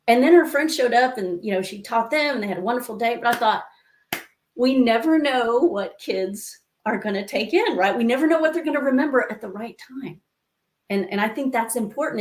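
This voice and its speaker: A woman life coach telling stories as an interview guest, lively and acting out the voices she quotes, with many asides to the listener. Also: on the high side. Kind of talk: conversational interview storytelling. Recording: echoey room.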